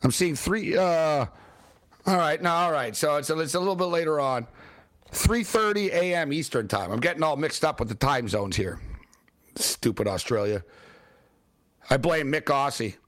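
A man hosting a late-night sports radio show, ranting and joking in an excitable, wisecracking way. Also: on the high side, normal speed, no room sound, clean studio sound.

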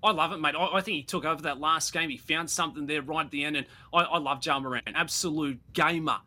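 A man's voice: fairly high pitch, fairly even intonation, fast, pushed and bright. A man with a Scottish accent, bantering casually about sports as a radio host and calling people mate.

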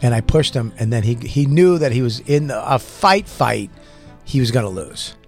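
A man in casual chat, telling a story with excitement, acting out shouted exchanges and laughing often. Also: mid-range voice, normal speed, soft background music. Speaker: podcast guest storyteller.

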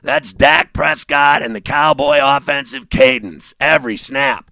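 A male sports radio host delivering a sarcastic monologue, mocking and laughing, dropping low and then bursting out loud. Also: big pitch swings, a little slow, gravelly, few pauses, no room sound.

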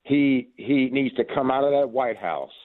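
A man's voice: mid-range voice, expressive, measured pace. A man calls in to a radio show over a tinny phone line, urging his point earnestly. His voice rises and falls widely, and he stumbles at the start of phrases. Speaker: caller. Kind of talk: call-in radio talk.

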